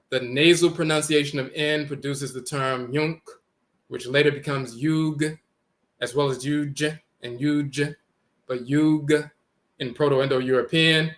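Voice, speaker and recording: Bright-voiced man spelling out words. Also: fairly high pitch, steady tone. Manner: deliberate, repeats and spells out words. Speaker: lecturer on language origins. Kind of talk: spoken lecture with on-screen text.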